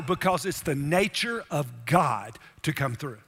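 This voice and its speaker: A pastor preaching a sermon with emphasis, often asking the congregation rhetorical questions. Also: male voice, fairly high pitch, big pitch swings, unhurried, pushed and bright, slightly rough, long reverb tail.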